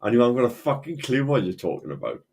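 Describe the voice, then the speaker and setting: A man's voice: mid-range voice, big pitch swings, fast, gravelly, darkish tone. A man in a heated online argument, blunt, dismissive and swearing.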